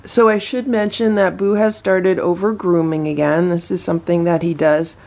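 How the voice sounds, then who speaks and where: A woman records her cats at home on a phone and narrates what she sees. Her voice sits low for a woman and carries a gravelly fry. She talks calmly and coos to the cats in a sing-song voice. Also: normal speed. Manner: calm running commentary, then sing-song baby talk to a cat. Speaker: cat vlogger. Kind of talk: casual home vlog narration. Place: home living room with cats.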